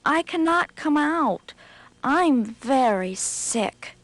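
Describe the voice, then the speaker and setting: A woman's voice: high voice, big pitch swings, measured pace, fairly bright tone, no room sound, pitched above the performer's own voice, full character voice. A woman voicing a tricky, boastful male rabbit in a storybook game. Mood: feigned weak.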